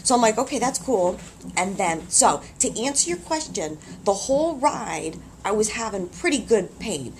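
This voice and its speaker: A woman in labor in a hospital room tells her story in casual, animated, exclamatory speech with frequent laughs, recorded on a handheld camcorder's built-in mic. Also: medium pitch, normal speed, slight background noise. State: having contractions.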